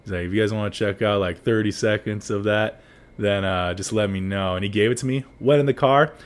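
A man's voice: fairly low pitch, fairly even intonation, a little fast, smooth. A young man telling a story in casual chat, rambling with lots of likes and restarts, laughing often.

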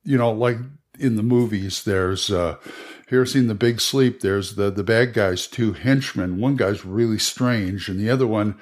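A man's voice: on the low side, measured pace. Rambling man giving game master tips. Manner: rambling, many restarts and fillers. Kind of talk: casual advice monologue.

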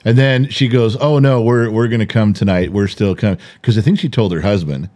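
A man's voice: on the low side, a little fast. An older man co-hosting a casual podcast chat, telling stories with jokes and playful mock voices. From California. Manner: joking, animated storyteller with mock impressions. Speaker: podcast co-host.

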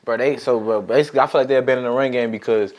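A man's voice: mid-range voice, fairly even intonation, racing, a little mellow, a little hiss or hum. A young man breaking down football plays in casual, slangy chat with friends.

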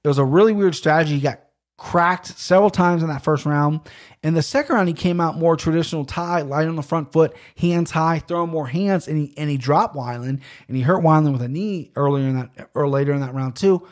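A man's voice: fairly high pitch, a little fast. A man hosting a podcast, rambling in casual solo talk with many fillers and restarts. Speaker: podcast host.

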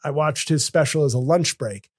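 A man's voice: a little high, moderate pace. A man hosting a comedy podcast, talking casually in rambling, self-interrupting runs with joking asides. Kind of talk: casual chat.

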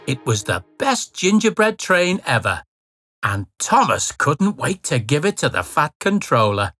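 Children's storybook narrator, expressive, lively pitch, music playing behind. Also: measured pace. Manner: expressive, playful sound words. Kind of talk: storybook read-aloud for children.

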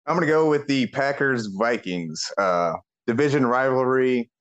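A man co-hosting a casual sports podcast, relaxed and matter-of-fact. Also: mid-range voice, normal speed. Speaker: podcast co-host.

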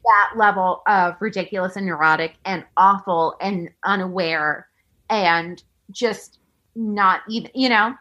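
A woman's voice: mid-range voice, a little slow, dull audio. A woman in her thirties hosting a podcast, telling a story in casual chat with lots of "like" and acted-out quotes. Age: 30s. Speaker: podcast host.

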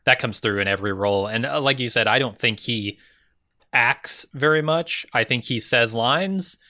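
A man's voice: mid-range voice, moderate pace, pushed and bright, dry recording, clean studio sound. A man co-hosting a casual film discussion, laid-back and amused. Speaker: podcast co-host.

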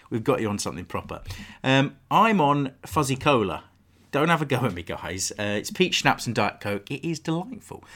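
A man's voice: mid-range voice, a bit bright. Male podcast host, casual banter, average voice. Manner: chatty, jokey, thanks guests.

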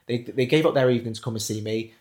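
A man, a singer, chatting as an interview guest, telling animated stories with frequent restarts. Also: medium pitch, rapid-fire. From Ireland. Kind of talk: casual interview chat.

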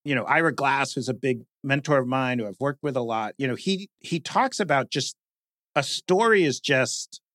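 A man in lively conversation, often saying "like" and mimicking stiff announcer voices. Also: mid-range voice, moderate pace, dry recording, clean studio sound. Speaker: guest speaker, podcast creator. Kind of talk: animated conversational talk.

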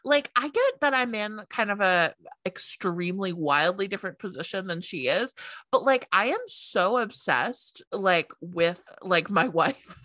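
Woman podcast co-host, casual chat, filler-heavy, mid-pitched, dry close sound. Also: lively intonation, a little slow, sharp tone, dry recording. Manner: chatty, filler-heavy, wondering aloud.

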